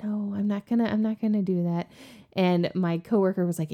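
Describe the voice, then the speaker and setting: Animated woman telling a lively story. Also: lowish voice, a little fast. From Southern United States. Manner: animated storyteller, laughs often. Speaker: podcast co-host. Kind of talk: casual chat.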